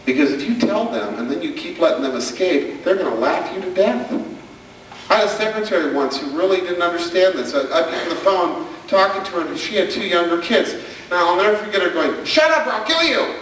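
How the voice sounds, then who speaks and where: A stand-up comedian tells stories about family life, acting out the characters, captured by a camcorder in the audience far back in a large hall. His voice is high and fairly bright, his pace a little quick, with a faint hiss or hum.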